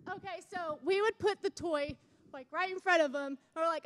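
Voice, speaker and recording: Very high-voiced young woman preaching. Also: moderate pace, long reverb tail. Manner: chatty, self-mocking, builds to fervent exhortation. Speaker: church speaker. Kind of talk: sermon with personal story. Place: church service.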